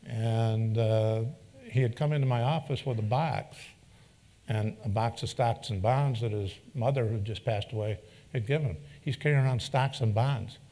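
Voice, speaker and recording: A man's voice: medium pitch, normal speed, warm tone. A middle-aged man giving a folksy, anecdotal speech to an audience, acting out the quoted dialogue as he goes. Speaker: keynote speaker. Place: event venue before an audience.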